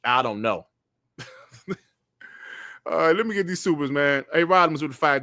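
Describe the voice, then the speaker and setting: Middle-aged male host, casual stream chat, slangy and profane, slightly high pitch. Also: animated, moderate pace, bright, forceful tone, dry recording, clean studio sound. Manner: laid-back, slangy, profane.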